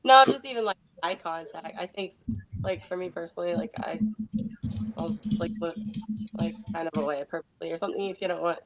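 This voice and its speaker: Woman, caller on live show, hesitant, filler words, lower pitch. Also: flat delivery, fairly quick, crowd noise, poor audio. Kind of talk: casual call-in chat.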